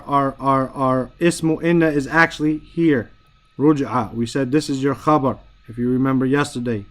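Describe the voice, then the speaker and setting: A man teaching a grammar lesson in a fairly high voice. He explains step by step and keeps checking that his students follow. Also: a bit bright. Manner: explains patiently, checks in with "right?" often.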